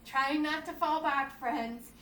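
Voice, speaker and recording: A young woman reads a picture book aloud and guides children through yoga poses, calling them friends and cheering them on. Her voice sits high. She is heard from across an echoey room with faint background hum. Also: fairly even intonation, slow. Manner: encouraging, addresses kids as friends, acts out the story's shouts. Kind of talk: reading a storybook aloud while leading kids' yoga. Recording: echoey room from some distance.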